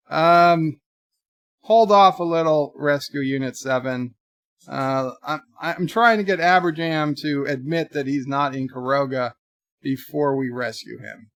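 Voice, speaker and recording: A man hosting a casual livestream, rambling through deadpan joke answers to viewer messages in a put-on mock accent. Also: fairly high pitch, a little slow, no room sound, studio quality. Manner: rambling, jokey deadpan nonsense. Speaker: livestream host.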